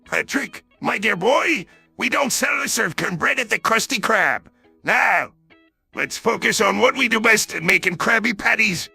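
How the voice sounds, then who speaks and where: A synthetic male voice imitating a gravelly, bossy old cartoon crab who runs a restaurant. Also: mid-range voice, lively intonation, measured pace, bright, forceful tone, no room sound, faint music behind, heavily acted. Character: gruff old male crab boss, penny-pinching.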